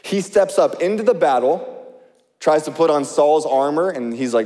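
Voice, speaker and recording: Pastor, male, high voice, lively conversational preaching, long hall reverb. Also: normal speed. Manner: animated, conversational preaching with asides to the congregation. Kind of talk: sermon. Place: large church hall. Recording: live sermon in a reverberant hall.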